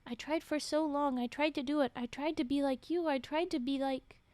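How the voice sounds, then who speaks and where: Woman reading as a tearful young woman in a spoken story, halting, pleading, high voice, close dry mic. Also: fairly even intonation, darkish tone, no room sound, close to an everyday voice.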